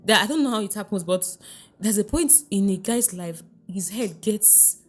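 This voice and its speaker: A woman relationship coach giving advice in a podcast interview, earnest and emphatic, repeating her key phrases and quoting others in a hushed voice. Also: mid-range voice, expressive, normal speed, slightly rough, soft background music.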